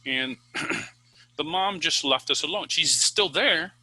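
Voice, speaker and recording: Chatty male English teacher, bright voice. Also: a little high, takes it slowly, slightly rough, no echo, rough recording. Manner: chatty, many fillers and restarts, lively ups and downs. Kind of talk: casual talking-to-camera advice.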